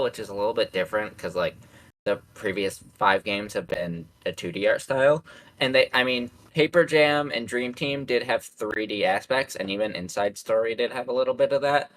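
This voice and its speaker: A man's voice: medium pitch, a bit bright, rough recording. A young man hosting a casual podcast chat, who rambles with lots of fillers, swearing and frequent laughter. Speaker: podcast host.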